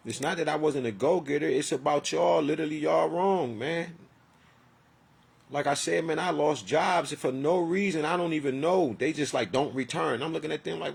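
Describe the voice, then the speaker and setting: A man's voice: a little high, moderate pace, creaky, husky. A man in his forties talking in a rambling, profane, heartfelt personal monologue. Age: 40s.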